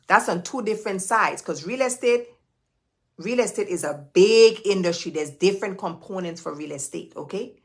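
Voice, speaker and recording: A woman's voice: medium pitch, animated, normal speed. A woman hosting a live motivational talk for viewers, speaking emphatically and repeating key phrases like a preacher. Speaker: host and business coach.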